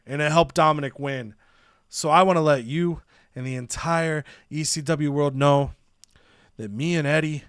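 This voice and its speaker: A man's voice: a little high, fairly bright tone, no room sound, studio quality, close to an everyday voice. A man voicing a proud wrestler father who speaks earnestly about his son.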